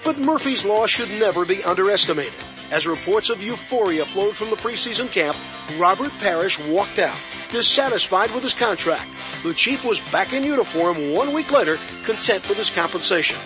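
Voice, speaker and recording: High-voiced male documentary narrator. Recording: narration over loud background music.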